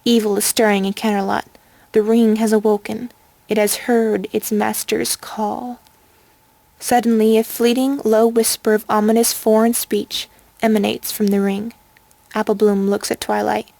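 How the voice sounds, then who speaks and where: Calm woman reading a story aloud. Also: mid-range voice, normal speed, vocal fry, dry recording. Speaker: audiobook reader. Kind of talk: fan story narration.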